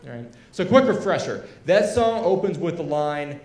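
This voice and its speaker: Young male stand-up comic, slightly high voice, loose chatty delivery, roomy live sound. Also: very animated, normal speed, a little mellow. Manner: conversational, lots of fillers and asides. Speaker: stand-up comedian. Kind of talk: stand-up comedy set. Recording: echoey live room.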